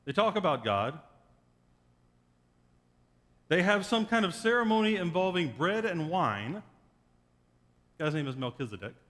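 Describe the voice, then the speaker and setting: A man's voice: sits high, big pitch swings, normal speed, a bit bright. Wry male pastor preaching with long reverb. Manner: wry, joking storytelling. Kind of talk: sermon. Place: church sanctuary.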